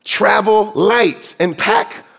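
A man with a notably high voice preaches a sermon. He leans into his points with emphasis. Now and then he slips into dramatic voices to quote scripture. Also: drawn-out words, creaky, fairly bright tone. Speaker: pastor.

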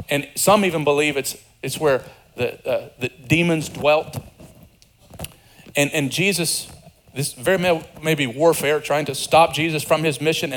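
A man preaching a sermon with a fairly high voice. He is animated and conversational, acting out the lines of people in the story and turning to the congregation with asides. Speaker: pastor.

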